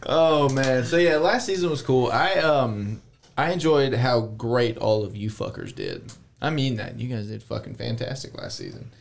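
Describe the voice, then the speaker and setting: A man's voice: medium pitch, sing-song, slow, creaky, long pauses, a little hiss or hum. Laughing man hosting a podcast. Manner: rambling, laughs often, swears freely. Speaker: podcast host. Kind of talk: casual comedy podcast banter. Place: small indoor room.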